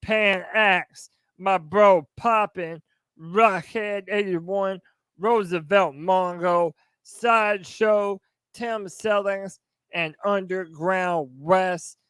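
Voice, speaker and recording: Smooth-voiced man hyping a podcast. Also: sits high, dry recording. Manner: energetic, hype, shouting out fans. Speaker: podcast co-host. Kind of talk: hype sports podcast talk.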